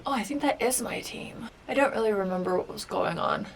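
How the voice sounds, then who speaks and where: A woman recalling her time as a game show contestant in a casual reaction video, chatty and full of filler words, sometimes dropping to a soft whisper. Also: medium pitch, a little fast, vocal fry, slight background noise. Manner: chatty storytelling, lots of filler "like".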